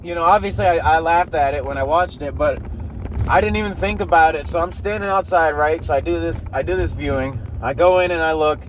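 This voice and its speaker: Here a man in his 30s hosts a podcast, delivering a casual, rambling monologue about a personal story full of profanity and frequent laughter. He speaks briskly in a slightly high voice, over slight background noise.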